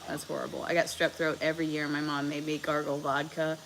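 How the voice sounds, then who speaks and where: A woman's voice: low-pitched, flat delivery, a little fast, few pauses, fairly bright tone, slight background noise, low-quality recording. A sick woman from the American South, a livestream host telling a story casually, with plenty of fillers and swearing. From Southern United States. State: sick with a bug.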